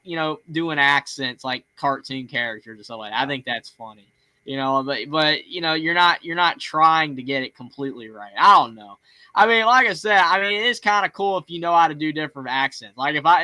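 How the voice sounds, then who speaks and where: Bright-voiced Southern man rambling casually. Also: fairly high pitch, dry recording. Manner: rambling, lots of fillers and restarts. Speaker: call-in show host. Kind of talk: casual chat.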